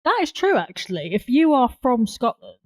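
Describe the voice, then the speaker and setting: A woman's voice: a little high, sing-song, normal speed, dry recording. Chatty, laughing woman. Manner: chatty, laughs often, jokey. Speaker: podcast co-host. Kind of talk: casual film discussion.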